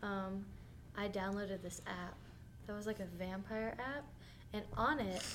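A young woman co-hosting a casual podcast, chatting in a relaxed way and laughing often. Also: mid-range voice, measured pace, slight background noise. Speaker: podcast co-host. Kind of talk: casual chat.

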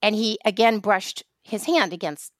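On a podcast she co-hosts, a woman from New York recounts something from her own life, animated and casual, with lots of false starts. She speaks at a normal speed in a mid-range voice, captured in a dry, studio-quality recording.

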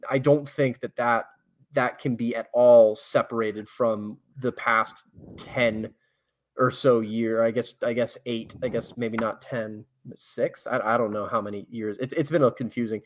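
A man's voice: mid-range voice, steady tone, a little slow. A man talking casually on a podcast, rambling and correcting himself, blunt and swearing. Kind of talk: casual conversation.

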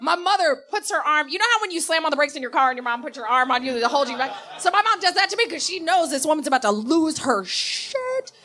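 A woman's voice: high voice, very animated, fast, few pauses, sharp tone. A woman comedian telling a comic story at a live show, acting out voices. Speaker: comedian and writer, guest. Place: live show in a bar venue.

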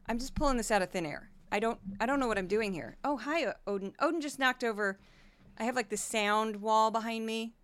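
A woman hosts a media commentary podcast from a home studio. Her voice is bright and smooth, a touch high, and she reads through lists of numbers in a brisk, wry manner. The close mic sounds very dry. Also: no echo. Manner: brisk, wry, rattling off figures. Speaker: podcast host.

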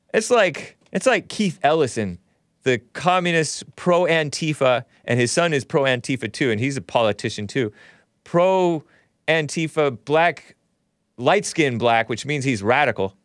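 A man's voice: on the high side, no room sound, clean studio sound. A man hosting his own show, giving sarcastic commentary over news clips with mocking asides. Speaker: show host.

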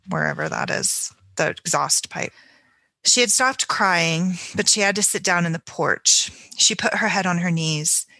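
Bright-voiced woman reading a novel aloud. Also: on the low side, no echo. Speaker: book club member. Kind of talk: reading a passage aloud in a book discussion.

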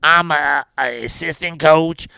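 Comic impression: a man playing a rowdy gravelly coach, bright tense rasp, dry close sound. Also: fairly high pitch, measured pace, no echo, heavily acted. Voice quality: gravelly, raspy. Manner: brash, boastful, rambling with bursts of shouting. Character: gravelly Cajun football coach, brash and rowdy. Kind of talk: comedic impression in a mock interview.

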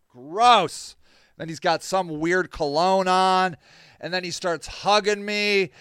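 High-voiced man telling an exasperated story. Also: slow pace, clear, resonant tone, no echo, studio quality. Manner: animated, exasperated, swears freely; laughs between lines. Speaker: podcast host. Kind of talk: casual storytelling monologue.

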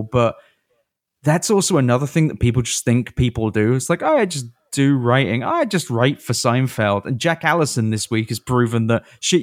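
A man's voice: mid-range voice, no echo. Podcast co-host, man, sardonic casual chat, dry close sound. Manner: sardonic, swears a lot.

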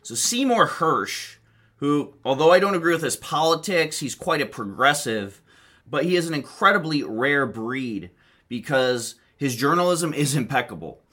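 A man's voice: a little high, very animated, normal speed, pushed and bright. A man giving an opinionated political monologue, sarcastic and mocking. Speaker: political commentator.

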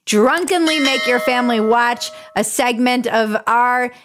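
A woman's voice: on the high side, a little slow, background noise. Sarcastic laughing woman host. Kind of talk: comedic political commentary.

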